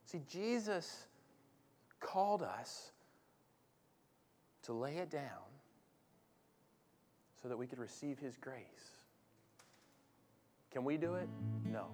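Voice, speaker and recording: A man preaching a sermon as pastor, swinging from loud declarations to hushed asides and calling on the congregation to respond. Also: on the high side. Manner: addresses congregation directly, calls for responses. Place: church sanctuary.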